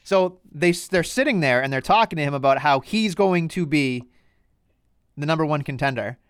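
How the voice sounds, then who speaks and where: A man's voice: a little high, lively intonation, normal speed, clear, resonant tone, dry recording, clean studio sound. A man co-hosting a podcast in casual chat, ranting animatedly and swearing freely. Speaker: podcast co-host.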